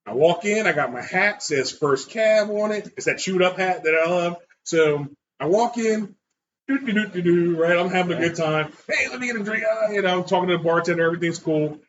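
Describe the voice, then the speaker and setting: A man's voice: high voice, moderate pace. A man telling a bar story casually, acting out voices and swearing freely. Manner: animated, acts out voices in quotes, swears freely. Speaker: podcast co-host telling a story. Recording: dull lo-fi sound with clear background noise.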